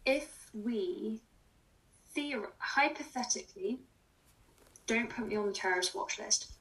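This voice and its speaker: A woman's voice: fairly high pitch, a little slow, a bit bright, far from the mic, poor audio. A young woman co-hosting a podcast, chatting casually, joking and laughing often as she rambles. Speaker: podcast co-host. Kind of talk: casual chat.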